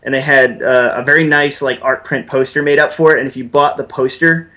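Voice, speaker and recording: A man's voice: mid-range voice, steady tone, fairly quick, sharp tone. A man guest on a horror podcast, talking chattily with many fillers and some laughs. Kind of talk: casual chat.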